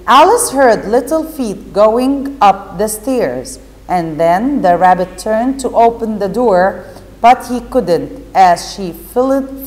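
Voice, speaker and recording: A woman teacher reading a storybook aloud to a class, slowly and carefully, pausing to explain and guide pupils through the pages. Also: medium pitch, a little mellow. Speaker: English teacher. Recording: echoey reverberant room.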